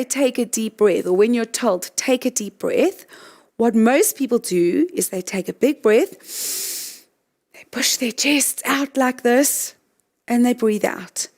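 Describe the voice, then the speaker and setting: A middle-aged woman leading a guided breathing talk, gently walking listeners through exercises. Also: high voice. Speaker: breathing coach.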